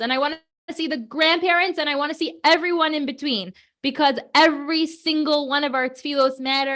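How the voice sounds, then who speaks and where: A woman in her thirties, hosting a children's prayer program on a video call, chatty and animated with many fillers and asides. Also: sits high. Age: 30s. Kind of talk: lively talk to kids on a video call.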